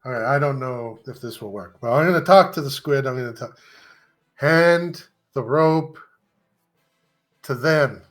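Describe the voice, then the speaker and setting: Unsure gamer thinking out loud. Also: male voice, medium pitch, measured pace, long pauses, faint music behind. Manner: unsure, thinks aloud and restarts. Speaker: player. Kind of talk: tabletop game play.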